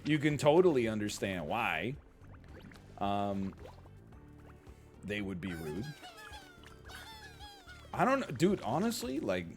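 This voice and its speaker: A man's voice: lowish voice, takes it slowly, long pauses, music in the background. A man reading out a post and then rambling through casual reaction commentary, full of fillers and asides. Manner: animated, rambling, frequent fillers and laughs.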